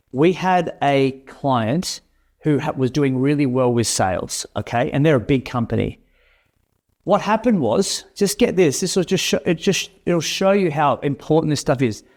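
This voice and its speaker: Energetic male sales coach, mid-pitched, talks in quick restarts. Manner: energetic, repeats and restarts words. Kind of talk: coaching session talk.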